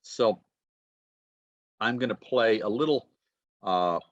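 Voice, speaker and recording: A university lecturer gives an online pronunciation lecture, speaking slowly in a voice on the low side. He's chatty, sprinkles in "okay," and checks in with listeners, all through a computer mic on a video call that cuts off the highs.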